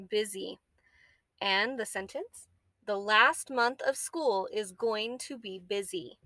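Woman teacher, reading lesson for kids, encouraging, crisp and bright, dry close sound. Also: medium pitch, no room sound. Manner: encouraging, spells words slowly letter by letter. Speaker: elementary school teacher. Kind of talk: guided reading lesson for children.

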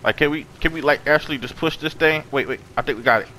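Jumpy, high-voiced gaming man. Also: fast talker, noisy background. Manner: excitable, jumpy, profane, yelling and gasping at scares. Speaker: gaming YouTuber. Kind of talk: horror let's play commentary.

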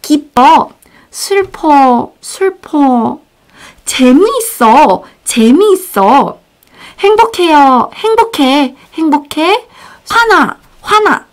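Bubbly Korean woman teaching, high lively voice. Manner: bubbly, repeats words slowly for learners. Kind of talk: casual online lesson.

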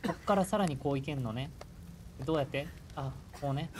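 A woman game streamer giving live gameplay commentary with excitable reactions, switching between Japanese and English. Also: deep voice, very fast, slight background noise.

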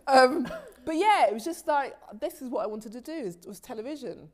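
Animated woman telling stories in an interview. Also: high-pitched, moderate pace. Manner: animated, restarts sentences, laughs easily. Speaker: TV director, interview guest. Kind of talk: casual interview storytelling.

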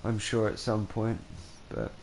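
A man's voice: fairly low pitch, fairly even intonation, measured pace, darkish tone, slight background noise. A man hosting a charity gaming stream, chatting in a friendly, upbeat way with friends on a call. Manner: upbeat, friendly, says mate. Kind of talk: casual chat over voice call.

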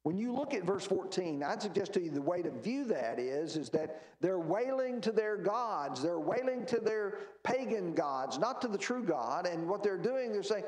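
A man leads a church Bible study, his voice sitting a little high. He reads scripture with building emphasis and then explains it in plain, halting talk. The recording carries the echo of the church room. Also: darkish tone.

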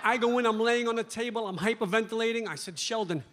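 A man performing stand-up comedy at a club, telling a story in a fast, animated way and often tagging lines with "right?". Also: extremely high pitch.

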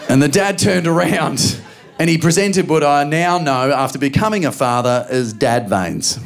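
A man in his forties with an Australian accent, performing a stand-up comedy routine on stage and telling stories with acted-out voices and sudden shouts. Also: fairly high pitch, moderate pace, vocal fry, crowd noise, background noise. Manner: animated storytelling, acting out voices and shouts. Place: comedy venue stage with a live audience.

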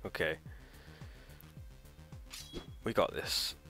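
A man hosting a let's play, thinking aloud, trailing off, swearing and shouting in frustration as he plays. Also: drawn-out words, soft background music. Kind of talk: live gameplay commentary.

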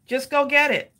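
A woman with a somewhat high voice chats to her live audience while crafting. She laughs easily and keeps calling her viewers y'all. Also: sharp tone. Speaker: craft channel host. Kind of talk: live-stream craft chat.

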